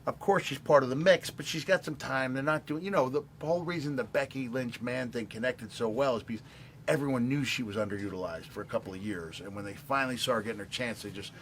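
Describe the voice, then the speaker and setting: A man's voice: mid-range voice, quick pace, a bit bright, a little hiss or hum. A middle-aged man telling rambling anecdotes as a guest at an auction, with frequent fillers and restarts. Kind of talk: casual storytelling.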